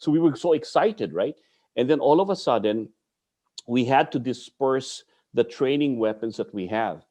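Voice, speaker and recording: Lively-voiced Filipino martial artist. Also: male voice, mid-range voice, moderate pace. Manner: blunt, swears freely, mixes in Tagalog curses. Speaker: martial arts instructor, podcast guest. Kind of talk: animated storytelling.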